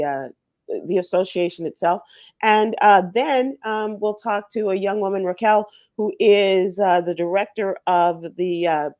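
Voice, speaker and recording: This fairly low, slightly mellow female voice has no echo. She's hosting an on-location radio show at an event venue, laughing a lot and filling her casual chat with a co-host with fillers.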